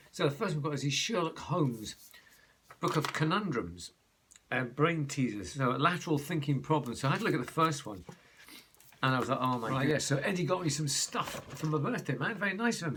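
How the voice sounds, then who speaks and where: A man's voice: a little high, a bit bright. A man chatting casually to his viewers in a rambling vlog, calling them folks. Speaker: vlogger. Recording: background noise.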